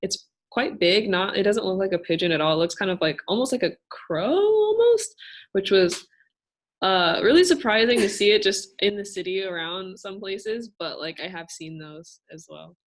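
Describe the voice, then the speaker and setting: A young woman answering questions in a casual Q&A, explaining patiently and thoughtfully, often pausing with fillers. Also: medium pitch, animated. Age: young adult. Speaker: student cultural navigator.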